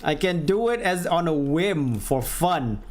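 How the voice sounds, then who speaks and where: A man streaming a game and chatting casually with his audience, self-deprecating and quick to laugh. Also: on the high side, lively intonation. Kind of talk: casual gameplay chat.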